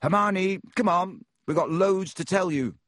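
A man voicing an excitable teenage schoolboy wizard, talking in a raised, urgent way. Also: a little high, moderate pace, husky, dry recording, clean studio sound.

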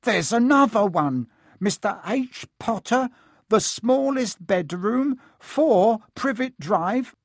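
A man voicing a spoiled, tantrum-prone boy who bawls and shouts in a high, drawn-out voice. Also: animated, no room sound, studio quality, exaggerated voice. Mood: shouting.

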